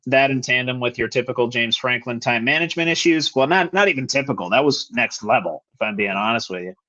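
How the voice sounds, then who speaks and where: A man's voice: mid-range voice, lively intonation, sharp tone. Young man breaking down football, dull audio. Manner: fast, blunt game breakdown with restarts. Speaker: podcast co-host. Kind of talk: casual sports chat.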